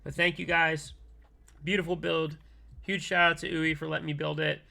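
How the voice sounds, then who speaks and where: A man with a hoarse voice he says is going out, chatting casually with his viewers at the end of a keyboard-building livestream, with plenty of ums and easy laughs. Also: a little high, normal speed. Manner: relaxed and thankful, many ums and laughs. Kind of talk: casual livestream wrap-up chat.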